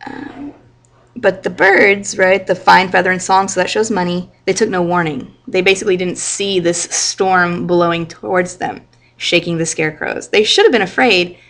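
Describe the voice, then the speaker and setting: A woman's voice: lowish voice, fairly bright tone. Chatty woman teaching a novel. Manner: chatty, explains with "like" and "right?". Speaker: high school English teacher. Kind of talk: literature lecture with reading aloud.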